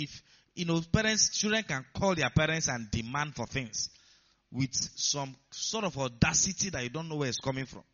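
Man preaching with a high, sharp tone, punching up key lines; muffled lo-fi audio. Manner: rising to emphatic bursts, asks the congregation questions. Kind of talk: sermon. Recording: dull lo-fi sound.

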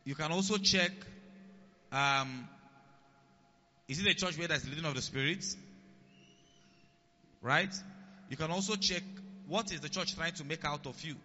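Bright, piercing pastor preaching in a hall. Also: male voice, on the high side, normal speed, pauses often. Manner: keeps checking in with the congregation, repeats key lines; swings between loud emphasis and quiet asides. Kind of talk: sermon. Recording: long hall reverb, dull lo-fi sound.

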